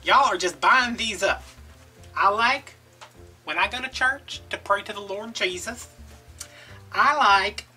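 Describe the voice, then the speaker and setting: A man's voice: high voice, sharp tone, full character voice. A man voicing a gushing female shopping-channel host with breathless, effusive sales patter. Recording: distant mic with faint background music.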